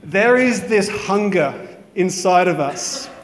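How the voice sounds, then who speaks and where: High-voiced man preaching in an echoey chapel. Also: animated, takes it slowly, a little hiss or hum. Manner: conversational, reflective, many "you know" fillers. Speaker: priest. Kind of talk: sermon.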